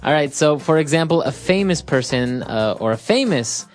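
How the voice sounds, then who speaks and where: Very low-voiced woman hosting an English lesson. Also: normal speed, faint music behind. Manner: relaxed, explaining, agreeing often. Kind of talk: casual teaching chat.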